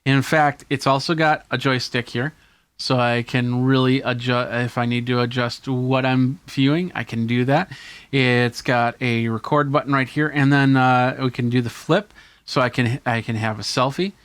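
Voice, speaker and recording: Tech vlogger, male, mid-pitched and dry, easygoing enthusiastic gear walkthrough. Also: fairly even intonation, moderate pace, fairly bright tone, smooth, no echo. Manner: casual, enthusiastic show-and-tell. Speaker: tech video host. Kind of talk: hands-on gear demonstration.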